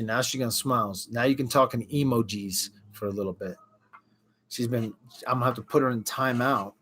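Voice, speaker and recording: Man, middle-aged, livestream host, casual chatter, answers viewer comments. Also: medium pitch.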